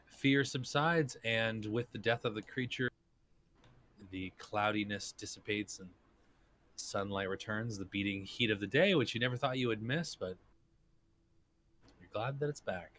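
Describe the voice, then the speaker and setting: A man with a fairly low voice narrates a tabletop game as its game master. He talks in a relaxed, loose way and often restarts his sentences. A faint hiss sits under the recording. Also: a little slow, long pauses.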